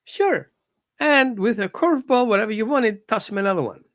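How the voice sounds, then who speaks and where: A dog trainer gives an informal live-stream lesson from home. The delivery is animated and conversational, with a coaching tone that keeps asking the listener to follow along. The voice sits at a middle pitch. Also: quick pace, no echo, clean studio sound.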